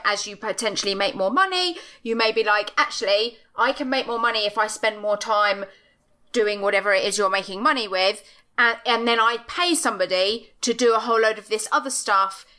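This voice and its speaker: A woman's voice: a little high, fairly quick, sharp tone. A middle-aged woman co-hosting a podcast over a video call, ranting bluntly and with emphasis, swearing freely. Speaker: podcast co-host. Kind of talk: passionate casual rant.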